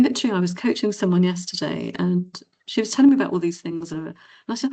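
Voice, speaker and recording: Lively woman giving a motivational keynote. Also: fast. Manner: animated, acts out inner voices in high cheery tones. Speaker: keynote speaker and confidence coach. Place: event hall or conference room.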